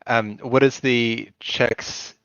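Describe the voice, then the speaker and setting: A man playing a tabletop game, talking in a measured, thoughtful way. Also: medium pitch, steady tone, a bit bright, no echo. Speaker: player. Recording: dull, dry sound.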